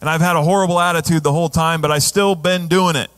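A man's voice: fairly high pitch, fairly even intonation, fast, fairly bright tone, smooth, soft background music, natural voice. A man playing a grumbling churchgoer who feels overlooked, in a complaining, self-pitying way. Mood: whiny.

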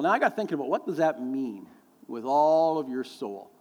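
A man's voice: on the high side, normal speed. A middle-aged man preaching a sermon, telling folksy stories with lots of fillers and acting out the voices of people he quotes. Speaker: pastor. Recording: long hall reverb.

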